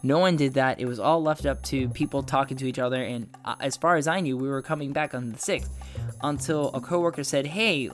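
A man's voice: mid-range voice, fairly quick, faint music behind. A man hosting a podcast, talking casually about his work and week, his voice nasal and congested from the flu, rambling with many restarts. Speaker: podcast host. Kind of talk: casual personal update.

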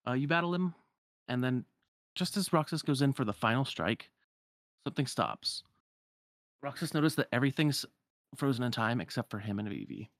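Guy recapping a video game plot, lots of "like" and "uh", mid-pitched voice, dead dry room. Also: animated, no echo. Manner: loose, filler-heavy retelling with quick character voices.

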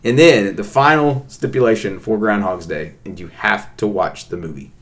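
A young man co-hosting a casual podcast with his partner, ranting playfully and getting loudly worked up. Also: on the low side, moderate pace. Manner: playful ranting, animated outbursts. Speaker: podcast co-host. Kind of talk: casual chat.

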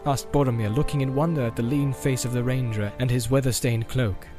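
A man reading a fantasy novel aloud as narrator, even and unhurried. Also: medium pitch, over music. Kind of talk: audiobook narration.

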